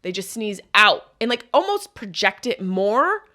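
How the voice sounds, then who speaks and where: A woman in her thirties hosting a podcast, riffing through a profane, animated comedic monologue. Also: mid-range voice, unhurried, dry recording, clean studio sound. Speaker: podcast host.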